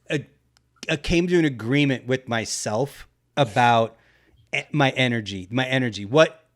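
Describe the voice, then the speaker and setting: A man hosting a casual podcast conversation, relaxed and laughing often, swearing casually. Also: mid-range voice. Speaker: podcast host.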